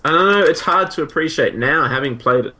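A man's voice: fairly high pitch, a little fast, pushed and bright. A man chatting casually about old video games, enthusiastic and rambling, full of fillers and restarts.

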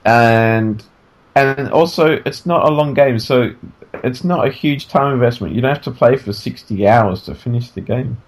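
A man co-hosting a casual podcast from bed, sleepy and yawning, talking in an animated, joking way that trails off and restarts. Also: medium pitch, normal speed. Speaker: podcast co-host. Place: in bed at home.

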